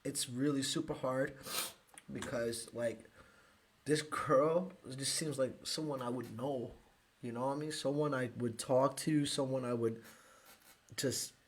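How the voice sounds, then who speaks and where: A man from the United States hosting a live podcast, speaking emotionally with halting restarts and sighs. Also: mid-range voice. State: emotional, close to tears. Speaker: podcast host.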